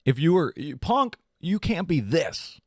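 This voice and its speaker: A young adult man, a podcast host, ranting in an animated, casual, swearing way. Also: a little slow, no room sound, studio quality. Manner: animated, swearing, mocking voices in high pitch. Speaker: drummer in a pop punk band. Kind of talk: casual comedic rant.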